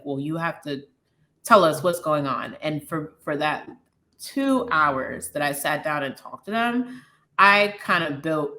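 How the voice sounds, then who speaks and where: A woman in her thirties, from a Liberian American background, speaks in a low, grounded voice. She is a guest sharing her own story openly and candidly. She slips into quoted dialogue as she retells scenes. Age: 30s. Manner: open, frank, animated retelling with quoted dialogue.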